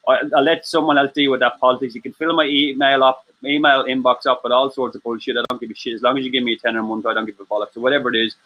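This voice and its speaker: A man's voice: mid-range voice, fairly even intonation, racing, few pauses, lo-fi sound. A man, hosting a casual live-stream chat, sweary and rambling with lots of laughs. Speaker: host.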